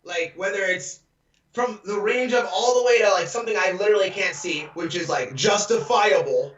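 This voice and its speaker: A man's voice: high voice, normal speed, fairly bright tone. A man co-hosting a casual podcast, rambling with lots of fillers and laughs over a video call. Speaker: podcast co-host. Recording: echoey, distant, lo-fi video call audio.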